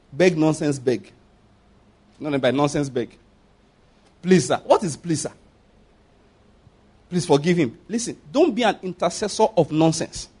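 A pastor delivers an emphatic sermon, frequently asking the congregation whether they're following and swinging between loud and hushed delivery. His voice sits high with a breathy edge.

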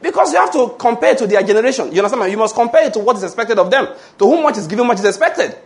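A Nigerian English–accented pastor races through his sermon in a high voice. Animated throughout, he fires off rhetorical questions and draws call-and-response amens.

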